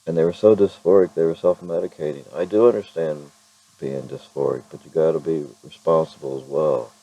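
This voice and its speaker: A man's voice: very deep voice, fairly even intonation, a little fast, mellow, muffled recording. A man talking casually to his camera in a rambling vlog, often restarting his sentences and chuckling. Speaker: vlogger.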